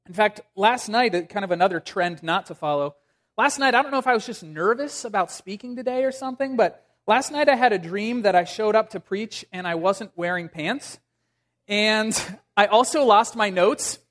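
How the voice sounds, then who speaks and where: A man's voice: high voice, a bit bright. A young man preaching a casual, humorous sermon to a church congregation, joking and using many fillers. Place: church sanctuary.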